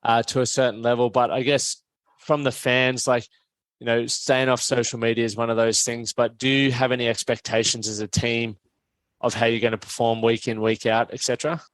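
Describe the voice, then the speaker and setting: A man hosting a podcast, asking rambling, relaxed questions with many "yep" backchannels. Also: mid-range voice, brisk, dry recording. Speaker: podcast host. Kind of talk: casual interview hosting.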